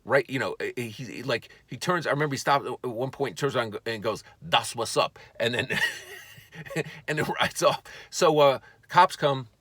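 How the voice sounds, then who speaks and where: A man, a comedian, telling a story for laughs in an animated, profane way, often stammering and restarting. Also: mid-range voice, a little fast, few pauses, no room sound.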